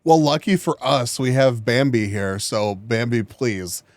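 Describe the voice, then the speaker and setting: A streamer reacts to a video, commentating casually on a live stream in a mid-range, steady voice at a measured pace with no echo. He is giggly, laughing and joking often and coughing between jokes.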